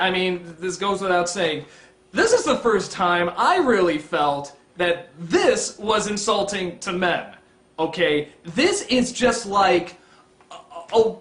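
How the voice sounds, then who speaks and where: An exasperated man rants through a comedic film review, swearing often. His pitch swoops widely from low mutters up to shouts. The sound has a roomy echo. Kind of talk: ranting comedic movie review.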